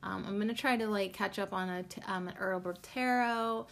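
A woman's voice: mid-range voice, moderate pace, creaky, a bit bright. A woman hosting her own podcast, talking in a chatty, rambling way with many ums and the odd curse word. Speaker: podcast host. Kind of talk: casual solo podcast chat.

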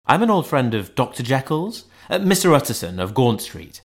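A man's voice: mid-range voice, sing-song, moderate pace, husky. A man reading as a formal, proper lawyer. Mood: polite, probing. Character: reserved middle-aged male lawyer, probing and proper.

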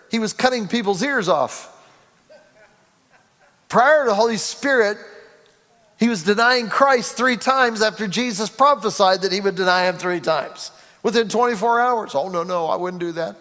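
A man with a high voice preaching a sermon to his congregation, pushing his points with rising emphasis and acting out quotes along the way. His voice rings through a church sanctuary with a long, reverberant tail. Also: moderate pace, fairly bright tone. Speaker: pastor. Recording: reverberant hall.

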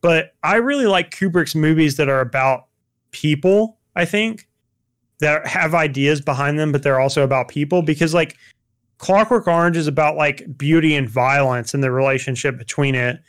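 A man's voice: fairly high pitch, moderate pace. A young man chatting casually about films, rambling with lots of fillers and restarts.

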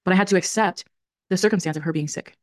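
An earnest woman in her thirties talks through feelings on her own podcast. Her voice sits a little low and moves quickly, and she restarts phrases as she thinks. The recording is dry and close, with no room sound. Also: dry recording. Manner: earnest, reflective, self-correcting. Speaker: podcast host. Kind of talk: solo podcast talk on emotions.

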